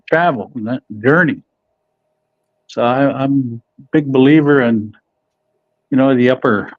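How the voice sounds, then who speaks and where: A middle-aged man, a professional boxer, answers interview questions in a relaxed, halting way with frequent restarts. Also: mid-range voice, no room sound. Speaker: professional boxer, podcast guest. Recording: dull, dry audio.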